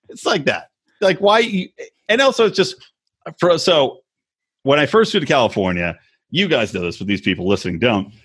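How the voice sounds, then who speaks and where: Male podcast co-host, profane sarcastic storyteller, husky and animated. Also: mid-range voice, a little fast. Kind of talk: casual chat.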